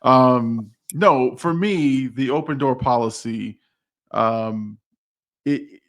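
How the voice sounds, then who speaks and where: A man in casual podcast chat with a middle-pitched voice. He tells workplace stories with energy, slips into acted-out quotes and trips over his restarts. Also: slow pace. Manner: animated storytelling with quoted dialogue; frequent restarts and fillers. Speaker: podcast co-host, HR professional.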